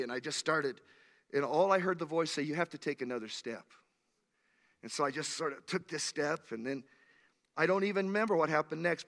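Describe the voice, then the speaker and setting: A man's voice: on the high side, fairly bright tone, big-room sound. A man preaching a sermon as pastor in a church, telling a personal story with earnest intensity and then rising to fervent appeals to the congregation. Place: church sanctuary.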